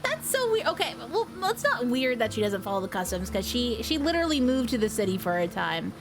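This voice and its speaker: A woman streamer giving casual, excitable game commentary, rambling and cursing now and then. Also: fairly high pitch, a little fast.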